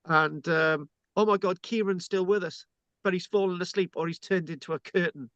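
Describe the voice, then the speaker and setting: A man's voice: high voice, moderate pace, fairly bright tone, no echo, dull audio. A British man hosting an informal online lecture, chatty and joking, often restarting his sentences, over a video call. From Britain.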